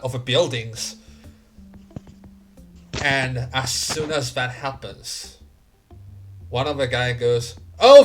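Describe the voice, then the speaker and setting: A man's voice: mid-range voice, a bit bright. A man narrating grim scenes as game master in a tabletop game. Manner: slow, grim scene-setting.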